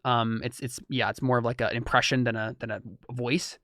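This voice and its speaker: A man's voice: mid-range voice, little pitch movement, brisk, a bit bright, dry recording, studio quality. A young man narrating as game master in a rambling way with many restarts. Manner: rambling, full of fillers and restarts.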